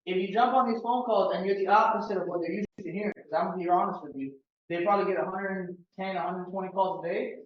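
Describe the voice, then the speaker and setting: A man from Miami leading a sales team training, casual and joking with the room. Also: on the high side. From Miami, United States. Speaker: real estate sales trainer. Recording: roomy, distant, dull meeting-room audio.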